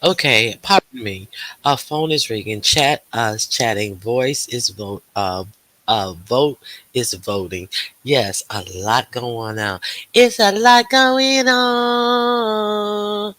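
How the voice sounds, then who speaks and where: A man's voice: lowish voice, takes it slowly, sharp tone, no room sound. A man hosting a casual livestream, greeting viewers by name and chatting with lots of fillers. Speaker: livestream host.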